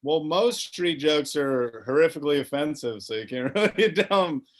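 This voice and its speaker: A man's voice: a little high, lively intonation, moderate pace. A man co-hosting a comedy chat, rambling through stories with lots of swearing and laughter. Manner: rambling storyteller, swears freely, laughs along. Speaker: comedian and co-host.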